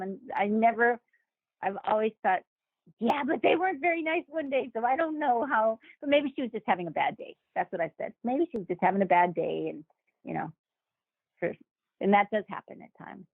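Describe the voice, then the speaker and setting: A woman's voice: mid-range voice, dry recording. A woman actor telling a story in a casual interview, acting out the people she quotes and laughing now and then. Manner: animated, acts out quoted voices with laughs. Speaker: guest actor. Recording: dry, phone-like remote call audio.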